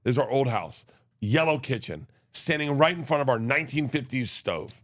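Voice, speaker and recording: A middle-aged man, a comedian and guest, telling animated family stories in a casual interview and acting out voices as he goes. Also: mid-range voice, moderate pace, dry recording, clean studio sound. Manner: animated storyteller, acts out family members' voices. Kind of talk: storytelling interview chat.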